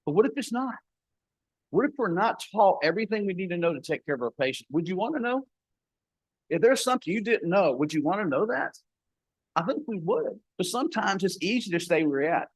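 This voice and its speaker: A folksy older man tells stories at a conference, slipping into the voices of the people in them. His voice sits a little high for a man. The sound is dry and close, with no room echo. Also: big pitch swings, fairly quick. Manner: folksy, acts out dialogue in his story. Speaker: paramedic educator. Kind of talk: conference talk with storytelling.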